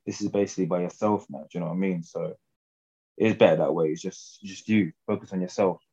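A man's voice: low voice, steady tone, quick pace, mellow, breathy edge, lo-fi sound. A young English man talking as a guest fighter in a casual interview, laid-back and slangy, often laughing.

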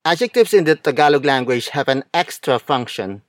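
A man narrating a scripted language lesson, speaking slowly and carefully, repeating words and spelling them out letter by letter. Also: mid-range voice, expressive, no echo, studio quality. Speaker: language teacher.

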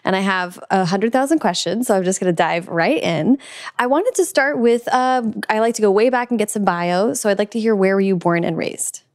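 Recorded in studio quality with no echo, a woman's mid-range, slightly mellow voice moves fairly quickly. She hosts a podcast on writing, reading its announcements before interviewing her guest in a friendly, conversational style.

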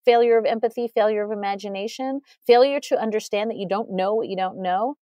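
A woman's voice: mid-range voice, fast, mellow, dry recording, dull audio. A woman guest on an interview, speaking earnestly and articulately with frequent "you know" fillers and short laughs. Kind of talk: conversational analysis.

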